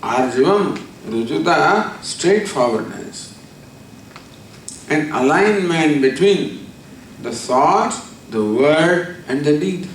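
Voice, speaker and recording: A man gives a spiritual discourse in a fairly high voice. He tells stories and explains Sanskrit terms patiently, repeating each one. The recording has heavy echo, sounds distant from the mic, and carries a faint hiss. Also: lively intonation. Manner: storytelling, explains Sanskrit terms slowly with repetition. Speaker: spiritual teacher. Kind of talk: discourse on scripture. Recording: echoey hall from far off, faint noise.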